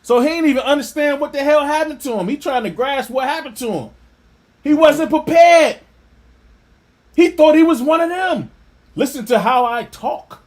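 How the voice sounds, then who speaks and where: A man reading an article aloud and breaking off into scornful, animated religious commentary. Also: extremely high pitch, normal speed. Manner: animated, scornful asides with laughter. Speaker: religious teacher.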